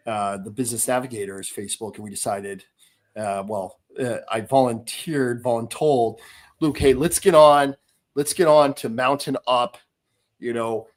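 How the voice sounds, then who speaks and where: A middle-aged man hosting a casual podcast, talking in rambling stretches full of fillers and restarts. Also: mid-range voice. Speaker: podcast host.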